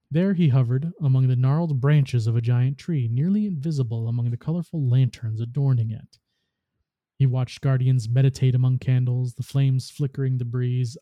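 A man, a podcast host, reading a story aloud in a steady narration. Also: medium pitch, no echo.

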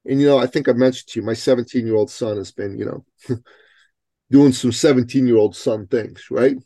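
A man's voice: mid-range voice, fairly even intonation, normal speed, mellow, no room sound. A man in his forties talking bluntly and emphatically, with frequent swearing, in a casual podcast conversation over a video call. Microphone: remote video call.

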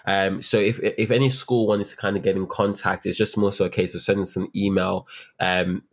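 A man's voice: deep voice, level tone, a little fast. A young man who works as a teacher, talking earnestly and reflectively in a casual interview, with many fillers and restarts. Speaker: teacher, guest.

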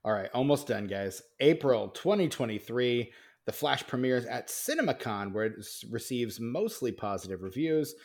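A man co-hosting a movie podcast in casual chat who stumbles and restarts while he reads through his notes. His voice sits at a plain, middling pitch. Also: big pitch swings, normal speed, few pauses. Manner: hesitant, with fillers and restarts. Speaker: podcast co-host.

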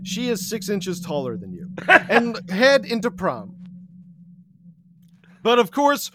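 A man telling a comic second-person story, deadpan and breaking into laughs. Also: high-pitched. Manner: deadpan, slow, laughing through. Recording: recording with audible hiss.

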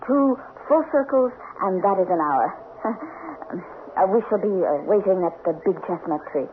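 Brief: actress as a careful maid, gentle, thin hissy radio sound. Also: female voice, medium pitch, lively intonation, measured pace, natural voice. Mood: calm. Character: loyal, cautious young lady's maid. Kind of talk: 1970s radio drama acting. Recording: tinny old radio broadcast.

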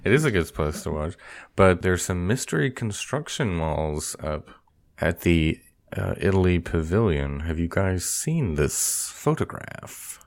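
A man's voice: sits low, expressive, unhurried, few pauses. A man co-hosting a casual theme-park podcast, thinking aloud with fillers and laughing easily. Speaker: podcast co-host. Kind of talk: casual chat.

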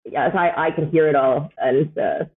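A Canadian woman in her thirties, appearing as a podcast guest, talks in a deep voice at a moderate pace. She rambles casually, full of fillers and frequent laughter, over a tinny, phone-like line.

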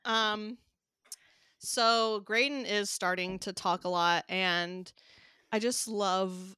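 A young woman co-hosting a podcast, telling animated stories with frequent laughs. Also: mid-range voice, smooth, dry recording. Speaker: podcast co-host. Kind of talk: casual chat.

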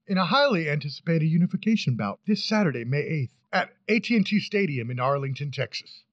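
A high-voiced man hosts a casual sports podcast, joking and animated, swinging from fast rambling runs to sudden loud whoops. His voice is dry and close, with slightly muffled sound. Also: no room sound. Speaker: podcast host.

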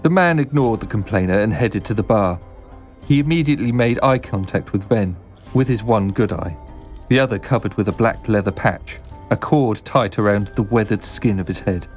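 A man reading a fantasy story aloud in a steady, descriptive storybook narration. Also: lowish voice, moderate pace, faint music behind.

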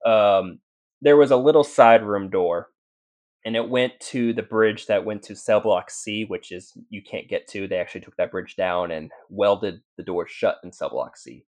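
A man's voice: lowish voice, moderate pace, darkish tone. A man, a paranormal investigator, telling his stories as a podcast guest in a rambling way, full of fillers and restarts. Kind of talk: casual storytelling in a podcast interview.

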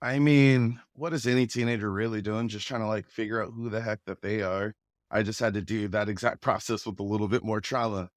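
A man from the Pacific Northwest, a guest telling stories in a relaxed, casual way, often chuckling. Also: on the low side, brisk, dry recording, clean studio sound. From Pacific Northwest, USA. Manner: relaxed, chuckles often, acts out quoted voices. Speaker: guest, rapper and actor. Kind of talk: casual conversational storytelling.

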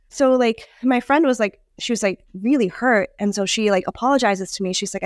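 A woman who works as a chef and food writer, telling a story in casual conversation, filling her talk with "like" and animated asides. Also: a little high, a little fast, hardly any pauses, dry recording, studio quality.

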